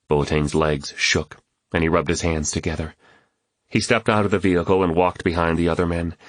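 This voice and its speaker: A man narrating an audiobook in a measured, steady storytelling way into a close studio mic. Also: sits low, no room sound.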